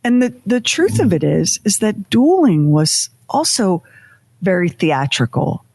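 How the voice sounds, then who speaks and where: Co-host, woman, mid-pitched voice, theatrical storyteller in casual chat. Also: sing-song, darkish tone, no room sound. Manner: dramatic, vivid storytelling with emphatic pauses. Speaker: podcast co-host.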